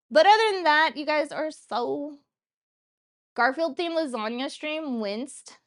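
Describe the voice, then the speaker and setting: A woman in her thirties chatting casually while hosting a cooking livestream, rambling and laughing often. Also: fairly high pitch. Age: 30s. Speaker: cooking show streamer.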